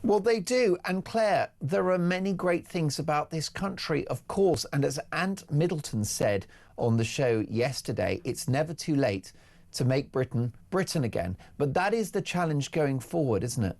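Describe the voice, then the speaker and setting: A man's voice: on the high side, lively intonation, normal speed, a little mellow. A man hosting a breakfast talk show and taking calls, speaking in an emphatic, rhetorical way. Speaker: radio and TV talk show host.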